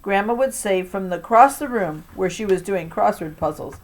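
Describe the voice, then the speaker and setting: A woman teacher reads a children's novel aloud to her class. Her telling is expressive, with a pitch that sits in an ordinary middle range. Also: moderate pace, hardly any pauses. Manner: expressive storytelling.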